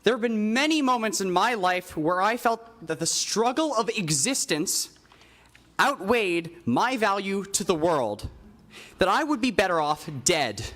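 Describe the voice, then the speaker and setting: Young woman with a lively, measured voice. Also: medium pitch. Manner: measured, personal, building to direct appeal. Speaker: public commenter. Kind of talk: public comment speech. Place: city council chamber.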